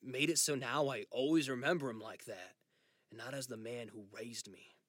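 A male narrator voicing an ailing father facing memory loss, who speaks in a steady, gently insistent way in an audiobook reading. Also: mid-range voice, normal speed, no room sound, close to an everyday voice. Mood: resolved, tender.

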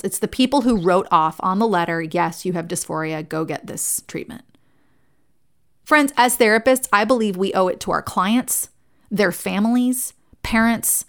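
A woman therapist addresses her peers in an earnest, conversational way and weaves in stories. Her voice has a steady gravelly fry and sits at an ordinary middle pitch. She sounds like a practiced speaker sharing her experience. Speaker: licensed therapist. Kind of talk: talk to fellow therapists.

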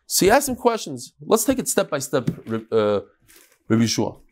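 A man teaching a Talmud lesson in an animated way, acting out the sages' exchanges and mixing in Hebrew and Aramaic terms. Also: medium pitch, normal speed.

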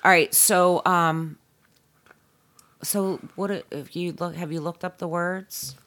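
A middle-aged woman with a notably low voice, chatting casually as a podcast co-host. She is curious and playful, teasing her partner and firing off questions. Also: steady tone, takes it slowly, fairly bright tone. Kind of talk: casual chat.

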